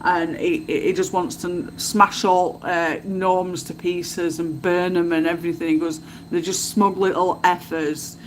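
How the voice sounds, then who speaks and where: A woman's voice: on the low side, level tone, unhurried, slight background noise. A woman, hosting a casual livestream at home and telling stories in a chatty way, laughing often. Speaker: livestream host.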